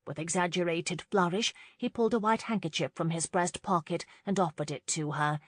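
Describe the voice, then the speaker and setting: Woman audiobook narrator, low voice, dry close studio sound, measured. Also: no echo. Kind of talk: scripted narration.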